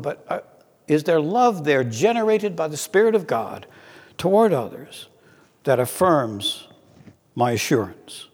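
A man preaching a sermon in an earnest way, slowing down to read scripture aloud. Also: on the high side, very animated, darkish tone, breathy edge, long reverb tail.

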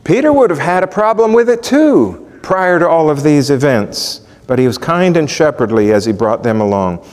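Male pastor, Bible teaching, animated and questioning, lively pitch, long hall reverb. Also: normal speed. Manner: animated, rhetorical questions to the congregation.

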